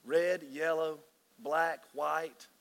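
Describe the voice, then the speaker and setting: A man preaching a sermon as pastor, emotional and excitable, often restarting his sentences. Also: a little high, extremely slow, creaky, smooth. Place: large church hall. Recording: long hall reverb.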